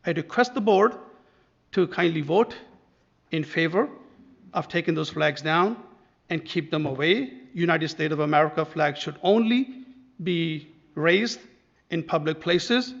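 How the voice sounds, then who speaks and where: A man's voice: fairly high pitch, measured pace, gravelly, fairly bright tone. A middle-aged man with a Pakistani accent making a formal, pleading public comment at a council meeting. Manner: formal, broken phrasing, pleading. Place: council chamber. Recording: dull, muffled meeting audio.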